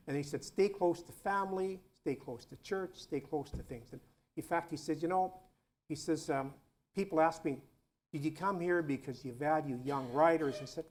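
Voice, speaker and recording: A man, a priest, giving an informal talk to students, telling earthy stories in a conversational way and tossing in "you know" often. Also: on the high side. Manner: earthy, chuckles between points.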